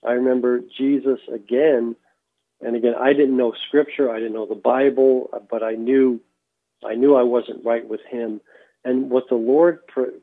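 A man, a former baseball player, telling his faith testimony as a radio guest, halting and repeating words as he restarts. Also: medium pitch, no echo. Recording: tinny phone line.

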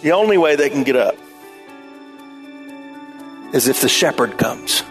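A man pastor preaching a sermon in an animated way, his voice climbing toward near shouts at times. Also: mid-range voice, unhurried, faint music behind.

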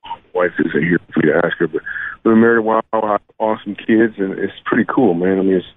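A man in his thirties from Michigan talks on a thin, tinny phone line. His voice sits fairly low, and he spins stories and jokes in an easygoing way. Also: fast, no room sound. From Michigan, USA. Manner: joking, storytelling, laid-back. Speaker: comedian guest. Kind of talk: radio interview chat.

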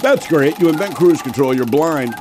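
A man in his fifties hosting a radio show, running a quiz and telling stories with quoted voices in an animated way. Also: fairly high pitch, moderate pace, background noise. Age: 50s. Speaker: radio host and quizmaster. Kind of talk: radio banter and storytelling.

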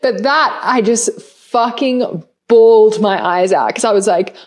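A woman's voice: mid-range voice, a little slow. A woman hosting a podcast who talks emotionally, laughs often and swears casually. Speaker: podcast host. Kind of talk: podcast interview.

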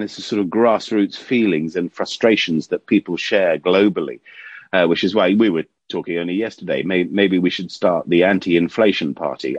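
A man with a very low, husky voice comments on current events in a chatty, wry way. The sound is dry and a little dull, like a remote line into the studio. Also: no room sound. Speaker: regular commentator. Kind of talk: casual commentary.

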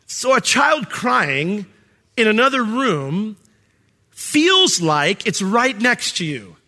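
A middle-aged male pastor preaching a sermon, animated and quick to act out voices, with plenty of fillers and restarts. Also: sits high.

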